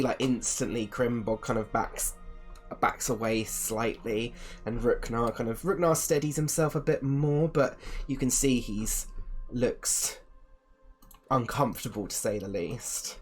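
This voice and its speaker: A man's voice: mid-range voice, a little mellow. Guy running a tabletop game, rambly narration, lots of ums. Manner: rambling, many fillers. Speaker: game master.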